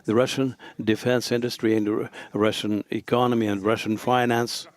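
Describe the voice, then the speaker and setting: A man giving simultaneous interpretation of a formal speech at a forum, in a halting, measured delivery with frequent pauses and fillers. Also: mid-range voice, flat delivery.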